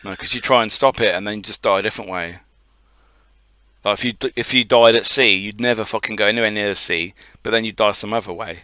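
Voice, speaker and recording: A man co-hosting a podcast in casual chat, blunt and quick with jokes, swearing freely. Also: fairly low pitch, steady tone, bright, forceful tone. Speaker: podcast co-host.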